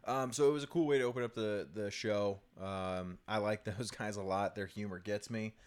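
A man in his thirties co-hosts a relaxed gaming chat. His voice sits a little low, and he laughs often and fills gaps with ums and quick restarts. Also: smooth. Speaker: co-host of a gaming video series.

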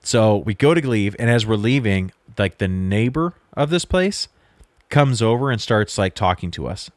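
A man's voice: on the low side, animated, normal speed, dry recording. A young man, a podcast co-host, telling a long story in casual chat, quoting people and swearing freely. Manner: storytelling with swearing and quoted dialogue.

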